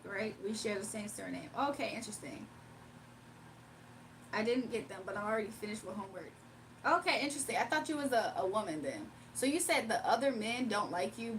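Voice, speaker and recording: A woman's voice: medium pitch, distant mic, a little hiss or hum. A woman livestreamer in casual chat, reading viewers' messages aloud and laughing often.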